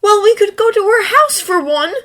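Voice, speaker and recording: A woman voicing a hot-tempered teenage boy wizard, sarcastic and often yelling. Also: animated, normal speed. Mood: angry. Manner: yelling, sarcastic, high and strained.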